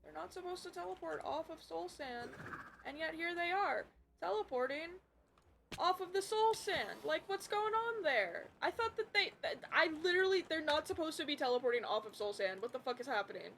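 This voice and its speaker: A young woman streaming a game from home, chatting casually and swearing often, with loud outbursts. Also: very high voice, expressive, moderate pace, vocal fry, slight background noise. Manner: swears a lot, loud outbursts while playing. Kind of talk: casual gaming stream chat. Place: home room with a computer.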